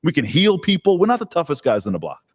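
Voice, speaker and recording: A man giving a live talk to an audience, telling stories in an animated, joking way. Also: on the high side, fast. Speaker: speaker. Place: hall with an audience. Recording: long hall reverb.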